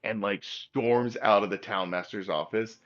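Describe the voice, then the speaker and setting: A man's voice: fairly low pitch, steady tone, unhurried, a bit bright, highs cut off. A man narrating as game master in a loose, rambling way, while losing his voice. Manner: loose, rambling with many fillers.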